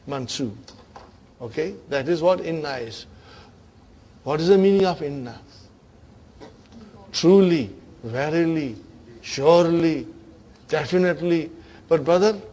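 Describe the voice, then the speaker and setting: A man leads a grammar class at an unhurried pace. His voice sits somewhat high, and he keeps turning to the students with short repeated questions. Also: darkish tone. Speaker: Arabic grammar teacher.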